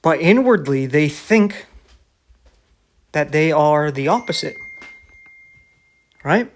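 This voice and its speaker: A man's voice: on the high side, expressive, slow. A man preaching in a casual, conversational sermon, often restarting his phrases. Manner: conversational, with many restarts and filler words.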